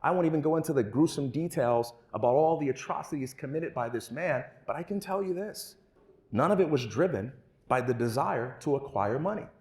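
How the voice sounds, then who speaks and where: A man's voice: fairly high pitch, fairly quick. A man telling a story and speaking at a conference on a stage mic in a hall. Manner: storytelling, animated. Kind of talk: storytelling keynote talk. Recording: roomy hall echo.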